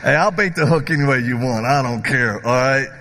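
A man preaching a sermon who tells stories in an animated, joking way and acts out the voices of the people in them. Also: mid-range voice, fairly quick. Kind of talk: sermon with storytelling. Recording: long hall reverb.

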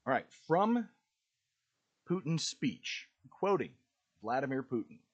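Husky, animated male podcast host. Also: medium pitch, slow, muffled recording. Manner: clears his throat often, drifts into asides. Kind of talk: casual commentary, reading a speech aloud.

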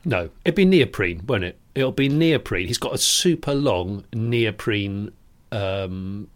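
A man's voice: fairly low pitch, animated, slow pace. A man co-hosting a podcast, riffing playfully in casual comedic chat and laughing often. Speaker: podcast co-host.

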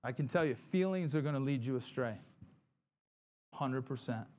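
Checking in often with "right?", a male pastor delivers a conversational sermon and plays Bible characters in quick quoted lines. He speaks in an expressive, mid-range voice that is a little mellow.

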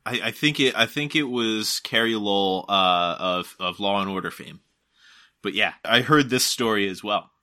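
Male podcast co-host, low and bright, laid-back and crude. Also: moderate pace. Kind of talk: casual chat.

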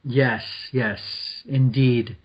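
A man's voice: mid-range voice, fairly even intonation, drawn-out words, slightly rough, muffled recording. A man co-hosting a podcast in casual chat, giggling often and rambling through explanations with many restarts. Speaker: podcast co-host.

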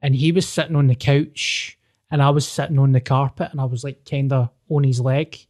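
Male podcast co-host, mellow voice, swears a lot, acts out quotes. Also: mid-range voice, brisk. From Scotland. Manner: sweary, animated storyteller acting out dialogue. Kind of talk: casual storytelling chat.

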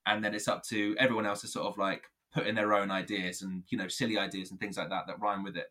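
A man's voice: lowish voice, quick pace. Man playfully explaining rap rhyme. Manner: animated, playful teaching, laughs easily. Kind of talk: conversational explanation.

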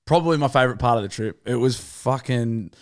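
A man's voice: mid-range voice, brisk. An Australian man co-hosting a podcast, telling rambling, sweary stories in casual banter. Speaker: podcast co-host.

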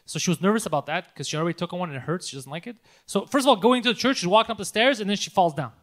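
A man co-hosting a casual podcast, telling animated, profanity-laced stories and laughing often. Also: sits high, rapid-fire. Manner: animated storytelling, swears a lot, laughs often. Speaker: podcast co-host.

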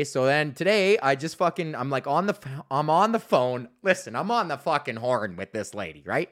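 A podcast host in his thirties, a man who rants in a loose, rambling way and swears at every turn. His voice sits a little higher than most men's, and he mocks the people he talks about as he goes. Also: animated, brisk, few pauses, a bit bright. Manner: swears constantly, rambling and mocking. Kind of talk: profane casual rant.

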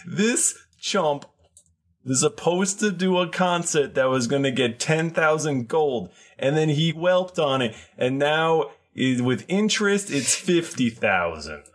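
A man's voice: on the high side, lively intonation, a little slow. A man playing a tabletop game, describing the scene and bantering with lots of laughter. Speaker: player.

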